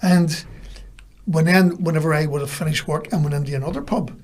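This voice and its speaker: Husky Northern Irish man telling stories. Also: a little high, fairly quick. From Belfast, Northern Ireland. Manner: anecdotal, acts out quoted lines. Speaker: guest. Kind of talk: casual storytelling.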